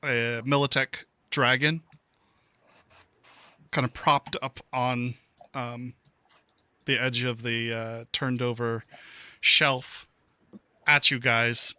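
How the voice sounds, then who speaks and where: A man narrates a cyberpunk tabletop game as its game master, in an easygoing, rambling way with many ums and dad jokes. He speaks slowly, and his voice is bright and recorded dry and close. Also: medium pitch, flat delivery, clear, resonant tone, no echo.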